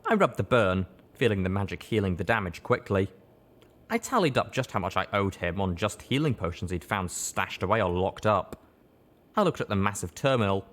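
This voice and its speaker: A man reads a first-person story aloud as an audiobook narrator. His delivery is steady and measured, with a low, deep voice.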